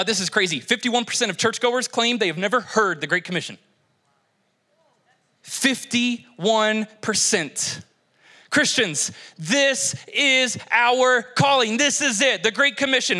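A man from Kentucky preaching a lively, joking sermon to a church congregation on a handheld mic. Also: high voice. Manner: energetic, joking, exhorting congregation. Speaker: pastor. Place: church stage.

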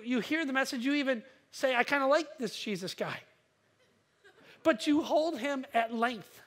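Impassioned pastor preaching a sermon. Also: male voice, very high-pitched. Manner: impassioned, building to emphatic peaks and dropping to quiet asides; repeats words when restarting.

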